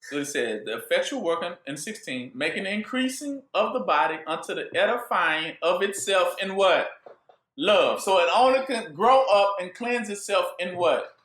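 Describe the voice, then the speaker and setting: Man, informal preacher, call-and-response delivery, animated, echoey room. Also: high voice, moderate pace. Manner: call-and-response questions, joking, laughing. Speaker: bible teacher. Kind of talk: informal sermon.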